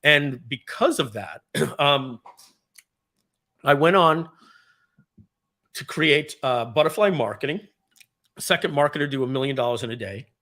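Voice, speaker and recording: A man giving a storytelling speech at a company event, animated and profane, with frequent throat clearing. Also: mid-range voice, measured pace, long pauses. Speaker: speaker at a company party.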